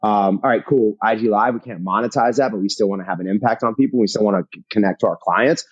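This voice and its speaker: A man talking as a guest in a casual interview, energetic and emphatic, swearing casually and repeating phrases for punch. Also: on the low side, fast, slightly rough, dry recording, highs cut off. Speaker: podcast guest, fitness entrepreneur.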